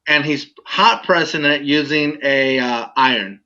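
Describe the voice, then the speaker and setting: Brief: male co-host with a bright, tense tone and a high voice, slightly muffled audio. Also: a little slow. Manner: rambling, laughs through stories. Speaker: podcast co-host. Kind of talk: casual chat.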